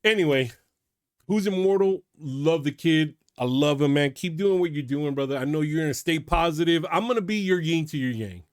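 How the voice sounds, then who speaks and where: A man's voice: a little high, expressive, moderate pace, dry recording, clean studio sound. A man hosting a reaction video who gets worked up, talks emphatically and tacks "man" onto his sentences. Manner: worked up, repeats "man" often; emphatic, drops loud to quiet. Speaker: channel host.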